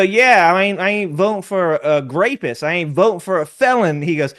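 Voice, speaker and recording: A man trading stories on a casual podcast, lively and profane. He breaks into laughter and acts out both sides of a heated exchange. His voice sits a little high for a man. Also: normal speed, few pauses. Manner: animated storyteller, swears freely, laughs often.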